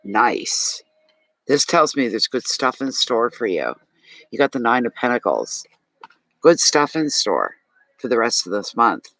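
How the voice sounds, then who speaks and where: A man's voice: mid-range voice, very animated, unhurried, a bit bright, no room sound, poor audio. A man with a Maritime Canadian accent giving a live tarot reading, talking chattily and animatedly to his viewers and answering chat comments. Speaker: tarot reader.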